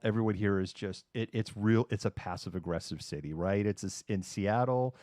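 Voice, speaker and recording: A man's voice: lowish voice, a little mellow, dry recording, studio quality. A middle-aged man from Massachusetts, hosting a livestream in casual, sarcastic chat. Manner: chatty, sarcastic, acts out quoted people. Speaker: livestream host. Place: home room.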